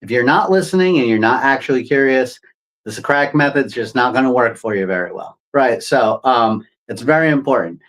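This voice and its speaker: A man's voice: mid-range voice, expressive, fairly quick, a bit bright, poor audio. A man co-hosting a coaching podcast, explaining ideas in a rambling casual way with many fillers and restarts. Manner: rambling, many fillers, acts out quoted voices. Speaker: podcast co-host.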